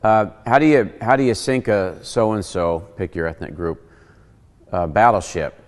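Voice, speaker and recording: In a large hall, a man whose voice is on the low side hosts a relaxed Bible teaching show at a moderate pace. He is animated, jokes as he explains, and acts out the quotes.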